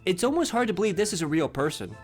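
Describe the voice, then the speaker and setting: A man narrates commentary with open scorn, mocking as he goes. His voice is fairly high and swings widely in pitch, and soft music plays underneath. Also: very animated, fast. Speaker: commentary channel host.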